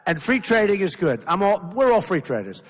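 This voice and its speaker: A man in his sixties campaigning for office speaks a little fast in a high-pitched, sing-song voice during an off-the-cuff, emphatic, repetitive rally speech. Hecklers interrupt him. The large indoor venue is a reverberant hall with faint crowd noise.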